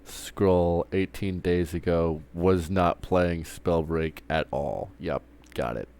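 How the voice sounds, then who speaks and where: A man's voice that sits low, smooth and darkish, speaking slowly in a steady tone. While streaming live, he delivers a casual rant packed with swearing, rambling, and stumbling restarts.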